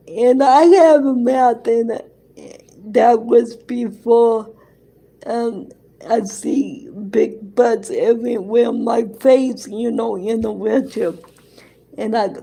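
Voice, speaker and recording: A woman telling a personal anecdote in casual chat, halting and repeating herself, with loose grammar and frequent laughter. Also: a little high, dark tone. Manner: very slow, halting, repeats words and restarts often; non-standard grammar, dropped verbs and articles. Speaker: storyteller.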